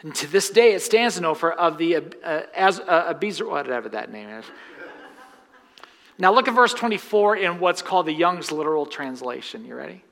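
A man's voice: a little high, animated, moderate pace, gravelly, fairly bright tone. A man preaching a sermon in a church, reading scripture, praying and joking with the congregation. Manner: jokey, conversational asides to the congregation. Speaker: pastor. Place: church sanctuary. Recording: long church reverb.

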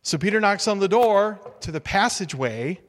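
A male pastor preaching a sermon in a relaxed, humorous, conversational way, acting out little quotes. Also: high voice, normal speed. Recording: reverberant hall.

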